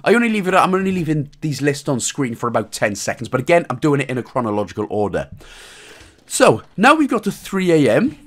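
A man with a Welsh accent giving a casual, joking game walkthrough, swearing a little and calmly repeating his instructions. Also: a little high, brisk. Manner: irreverent, joking, mild swearing. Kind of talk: casual commentary over gameplay.

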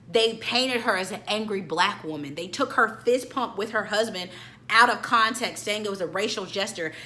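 A woman in her late twenties reviewing a film in a chatty, animated way, talking straight to her viewers. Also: mid-range voice. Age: late 20s. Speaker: YouTube movie reviewer. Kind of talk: casual chat review.

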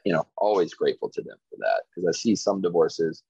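A low, husky man tells his stories in an easygoing ramble, leaning on "like" and "you know" as he goes. He is from Virginia and talks like a guest on a casual podcast. The recording is dry and a little dull. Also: sing-song, fairly quick, darkish tone, no room sound. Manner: laid-back storytelling, frequent "like" and "you know". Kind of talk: casual chat.

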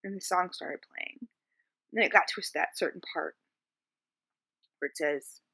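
A woman vlogger telling a personal story to camera, halting and searching for words with many fillers, soft and subdued, sometimes sinking toward a whisper. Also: on the low side, vocal fry, husky.

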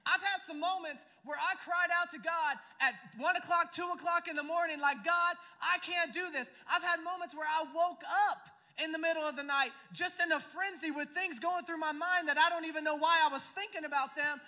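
A man's voice: extremely high pitch, steady tone, brisk, few pauses, sharp tone. A young adult man preaching a sermon as pastor, emphatic and full of rhetorical questions to the congregation. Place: church sanctuary. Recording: church hall reverb.

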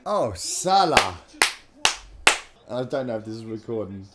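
A man's voice: high voice, sing-song, unhurried, fairly bright tone. An Australian man hosting a live football reaction, sweary, heated and blunt. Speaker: host watching football. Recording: echoey room with music behind.

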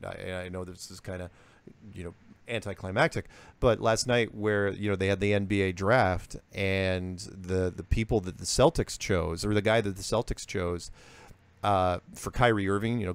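A man's voice: low-pitched, smooth. A man being interviewed, telling his story casually and acting out what others said. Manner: animated, acts out quoted voices. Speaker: interview guest.

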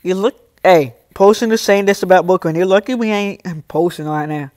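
A man's voice: sits high, moderate pace, a little mellow, no echo, studio quality. A young man live streaming, reading and answering his chat in casual talk, scolding some viewers and joking with others. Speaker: livestreamer.

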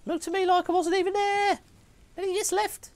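A man's voice: very high voice, flat delivery, moderate pace, dry recording, voice pushed up. A man voicing a worried florist reading out a note in a raised, wavering put-on voice. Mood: uneasy.

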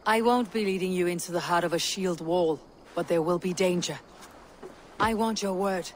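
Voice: mid-range voice, moderate pace, slight background noise, close to an everyday voice. An actor voicing a blunt Viking warrior. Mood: stern. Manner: blunt and commanding. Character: stern Viking warrior leader.

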